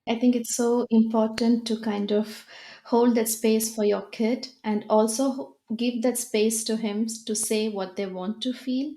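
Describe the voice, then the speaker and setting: A woman's voice: a little high, fairly even intonation, measured pace, dark tone. Reflective woman host, roomy echo. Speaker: podcast host. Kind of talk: conversational interview.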